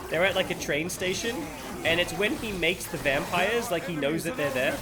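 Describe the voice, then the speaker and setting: A man's voice: high-pitched, normal speed, background noise. A man chatting live while streaming a game, rambling playfully and laughing at himself. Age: adult. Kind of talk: live gameplay chat. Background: game music.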